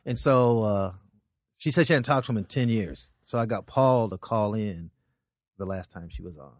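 A man's voice: fairly low pitch, normal speed, no room sound. A male comedian telling stories as a guest, rambling with frequent restarts. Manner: rambling, animated, with many restarts. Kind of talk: casual storytelling chat.

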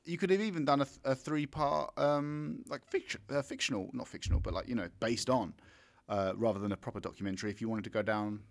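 Man, podcast co-host, mid pitch, rambly and blunt, stops and restarts a lot. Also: fast talker, creaky. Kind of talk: casual film review chat.

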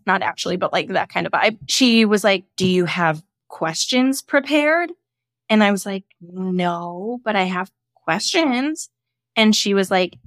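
A woman's voice: medium pitch, a little slow, no room sound, studio quality. A young woman hosting a podcast, telling a personal story casually and acting out the voices of the people in it, with frank, casual swearing. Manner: animated, acts out quoted voices. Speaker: podcast host.

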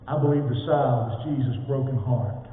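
A man preaching a sermon as pastor, telling folksy stories and moving from loud swells down to a hushed voice. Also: medium pitch, moderate pace, a little hiss or hum. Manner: folksy storytelling, swelling then dropping to a hush. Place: church sanctuary. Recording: echoey hall from far off, tinny phone-like sound.

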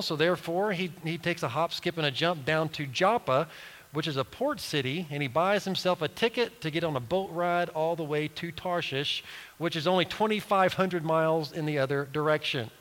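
A man's voice: fairly high pitch, fairly quick, fairly bright tone, long reverb tail, low-quality recording. A man preaching a sermon, retelling a story with acted-out quotes and many restarts.

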